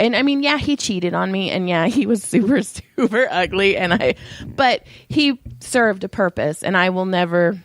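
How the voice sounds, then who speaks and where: A woman's voice: medium pitch, animated, normal speed, no echo. A young adult woman telling stories in casual chat, laughing often, her vocal cords strained. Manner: chatty storyteller, laughs often. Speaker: podcast co-host.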